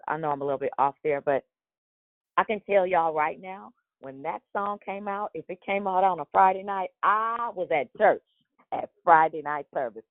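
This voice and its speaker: A woman's voice: lowish voice, normal speed, dry recording, phone-quality sound. A woman hosting a daily prayer call in a casual, rambling way, with a morning voice. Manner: chatty and rambling, with many restarts and fillers. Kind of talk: casual devotional talk.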